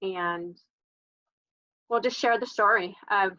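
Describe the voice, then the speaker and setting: A woman's voice: mid-range voice, slow pace, bright, forceful tone, dull audio. An older woman with an American accent interviewing and offering reassuring advice in a casual conversation.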